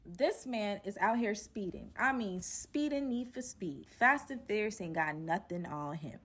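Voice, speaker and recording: Woman doing a storytime, slangy and animated, plays out every quote, mid pitch. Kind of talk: casual storytime.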